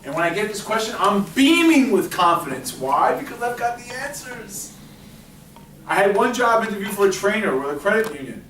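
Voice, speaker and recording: Male workshop presenter, slightly high voice, lively interactive delivery, recorded from a distance in an echoey library room. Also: normal speed. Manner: lively, chatty, asks the audience questions. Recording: echoey room, distant mic, faint noise.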